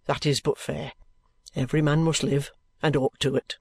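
A man voicing a genial, ingratiating middle-aged male detective who talks in a slow, coaxing, colloquial way. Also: fairly high pitch, little pitch movement, creaky, breathy edge, no room sound.

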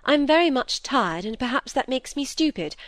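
A woman's voice: high-pitched, big pitch swings, normal speed, no room sound, pitched above the performer's own voice. A woman reading the part of a tired, bitter young woman who speaks wearily. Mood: weary. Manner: weary, bitter.

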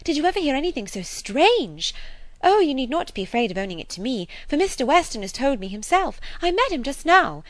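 An excitable, naive young lady, as a woman reader puts her on, gushes in breathless rising exclamations. Her voice leaps about with lively swings. The sound is dry and close. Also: sits high, brisk, dry recording, voice pushed up. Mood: excited. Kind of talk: audiobook character voice.

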